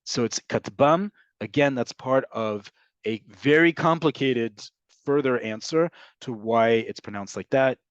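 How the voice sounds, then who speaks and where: A man teaching over a video call at a mid pitch, patiently working through student questions and checking in with "right?" and "um". The audio is muffled and lo-fi. It is also dry, with no room sound. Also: measured pace, smooth, no room sound. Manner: frequent "um" and "right?" fillers. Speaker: Hebrew teacher. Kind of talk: online class answering questions.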